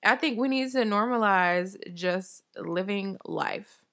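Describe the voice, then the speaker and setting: A woman's voice: medium pitch, slow pace, a bit bright. Chatty slangy woman podcast host. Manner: chatty, laughs often, slangy. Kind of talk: casual chat.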